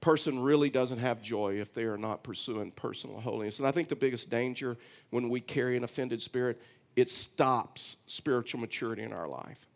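A man's voice: medium pitch, a little fast, gravelly. A man from Texas with a Texan accent, preaching a conversational, storytelling sermon as pastor.

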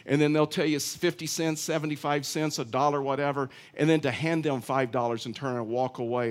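A man's voice: mid-range voice, fairly even intonation, a little fast, few pauses. A middle-aged male pastor giving a conversational sermon, telling stories with frequent restarts. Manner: chatty storytelling, many restarts.

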